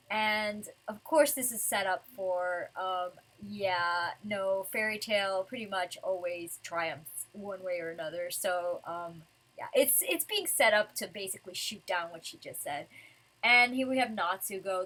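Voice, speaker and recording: A woman's voice: medium pitch, measured pace, fairly bright tone, poor audio. A woman reviewing a manga chapter in a casual, rambling way, giggling and full of fillers.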